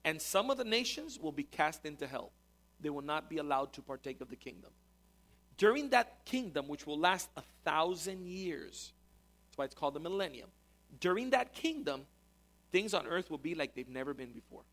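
A man preaching in a conversational way, with a fairly high voice that rises and falls a lot as he explains. He repeats words now and then while teaching his congregation. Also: animated, a little fast, a bit bright. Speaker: pastor. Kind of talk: sermon teaching. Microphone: recorded talk to a congregation.

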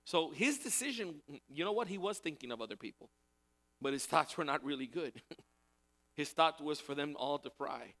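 A man's voice: on the high side, lively intonation, moderate pace, fairly bright tone. A male pastor preaching a sermon in a conversational way, repeating key phrases for emphasis.

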